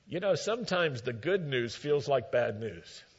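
Slow, measured male preacher, lo-fi. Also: mid-range voice, very animated, breathy edge. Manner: measured, emphatic storytelling with dry asides. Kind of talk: sermon. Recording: dull lo-fi recording.

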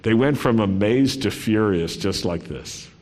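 A pastor preaches a sermon in a conversational style, reading scripture aloud with dramatic expression. His voice is lowish and a little mellow, with lively intonation and a slightly slow pace. A long reverb fills the large hall he's recorded in.

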